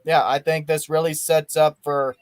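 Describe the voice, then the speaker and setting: A man's voice: a little high, level tone, normal speed, no echo. A young man hosting a casual movie watch-along, rambling enthusiastically with frequent restarts. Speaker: podcast host.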